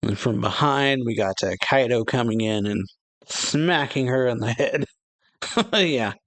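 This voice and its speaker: A man's voice: medium pitch, a little slow, a bit bright. A man hosting a casual reaction to a comic chapter, reading the panels aloud and narrating them loosely, with frequent chuckles and fillers. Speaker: reaction channel host.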